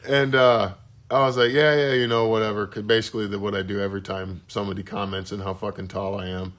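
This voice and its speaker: Fast and a bit bright, with a low-leaning pitch and level tone, a young man co-hosts a podcast. In casual chat he spins rambling stories and swears freely.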